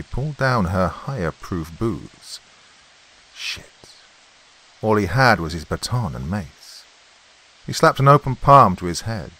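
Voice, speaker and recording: A man narrating a horror story as host, with a dramatic, lively telling. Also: low voice, rough recording.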